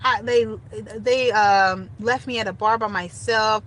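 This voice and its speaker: A young woman casually telling a story straight to her viewers, animated and chatty. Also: medium pitch, unhurried, slight background noise, low-quality recording. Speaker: storytime vlogger.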